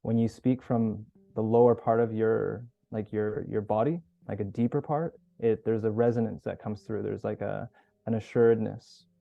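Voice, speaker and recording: A man hosting a group video call as coach, teaching in a relaxed, casual way. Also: lowish voice, normal speed, gravelly, dry recording. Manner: relaxed, casual, swears now and then. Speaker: workshop host and coach. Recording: dull lo-fi call audio with faint music.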